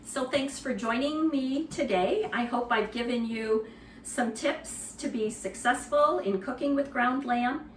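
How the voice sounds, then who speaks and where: A woman giving a cooking demonstration in a kitchen, explaining in a relaxed, conversational way with some fillers. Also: fairly high pitch, echoey room, recorded from a distance, slight background noise.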